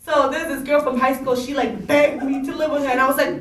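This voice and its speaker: A woman's voice: high voice, steady tone, fairly quick, reverberant, recorded from a distance, rough recording. A young woman talking casually to students about college life, chatty and giggly, saying "like" a lot. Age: young adult. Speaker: college panel speaker. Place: school room.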